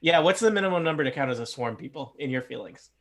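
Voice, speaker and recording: A man's voice: fairly high pitch, animated, fast talker, crowd noise. A man running a tabletop game as game master, joking and poking fun at himself. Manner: joking, self-mocking. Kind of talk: casual tabletop game chat.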